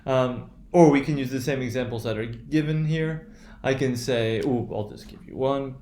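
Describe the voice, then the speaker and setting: A man teaching word stress in a recorded video lesson. He talks in a hesitant, searching way, with many fillers and restarts, and repeats points slowly. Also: mid-range voice, dark tone, echoey room, a little hiss or hum. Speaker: English pronunciation teacher.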